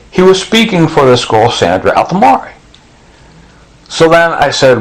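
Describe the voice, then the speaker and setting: Middle-aged man, slightly high voice, intense rambling rant, jumps into other people's voices. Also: sing-song, normal speed, long pauses, poor audio. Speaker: vlogger. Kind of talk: agitated monologue.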